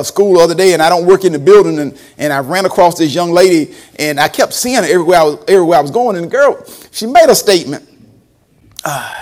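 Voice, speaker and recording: A man preaching a storytelling sermon, acting out quotes and laughing often. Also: sits high. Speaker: preacher and former school principal.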